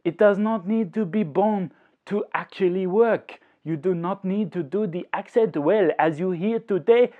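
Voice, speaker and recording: In a playful language-learning vlog, a man puts on a deliberately exaggerated, hammy French accent, dropping in French phrases and walking through his ideas step by step. His voice is high-pitched and the sound is phone quality.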